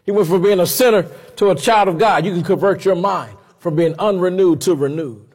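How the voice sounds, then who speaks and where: Husky-voiced man preaching. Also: high-pitched, fairly quick, long reverb tail. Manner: conversational, animated preaching. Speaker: pastor. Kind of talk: sermon.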